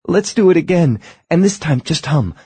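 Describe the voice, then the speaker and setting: Man doing a teasing high society lady. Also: expressive, normal speed, mellow, breathy edge, no echo.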